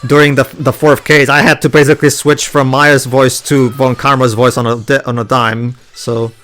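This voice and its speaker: A man hosting a game playthrough, commentating in a halting way with frequent restarts. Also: medium pitch, flat delivery, a bit bright. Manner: halting, restarts, laughs often. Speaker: host, game player. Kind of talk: let's play commentary.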